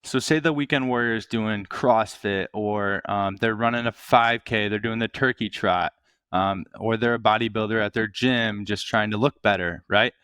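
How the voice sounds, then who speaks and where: Man with a low, smooth voice; relaxed, upbeat therapist explaining on a podcast. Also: normal speed, no room sound, clean studio sound. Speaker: physical therapist guest. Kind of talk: casual podcast interview.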